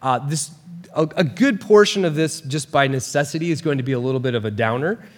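A man preaching a sermon as a pastor, talking in a casual, animated way with quick asides. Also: medium pitch, long reverb tail.

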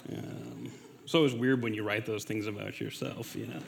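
A man in his forties giving a personal testimony in church, halting with many fillers and laughing at himself. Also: fairly low pitch, fairly even intonation, creaky, slight background noise. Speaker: guest speaker. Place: church hall. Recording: reverberant hall.

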